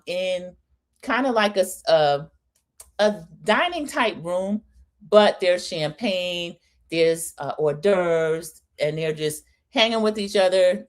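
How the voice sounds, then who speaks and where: A middle-aged woman hosts a live-stream recap in a relaxed, chatty way. She talks right to her viewers and calls out thanks to them by name as she goes. Her voice sits at an ordinary middle pitch. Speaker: host of a live-stream reality-TV recap show.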